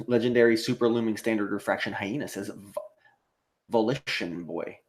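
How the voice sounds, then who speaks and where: A man's voice: lowish voice, normal speed. An American man hosting a live stream, reading out viewer comments and reacting in profane, rambling casual talk, with frequent laughter. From United States.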